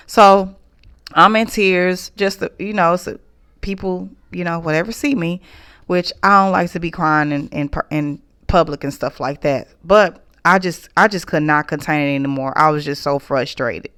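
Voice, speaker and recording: A woman tells her story in a casual vlog, her voice lower than most and smooth. She speaks in an emotional, halting way, often restarting her sentences. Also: fairly bright tone. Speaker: small business owner reviewing an event.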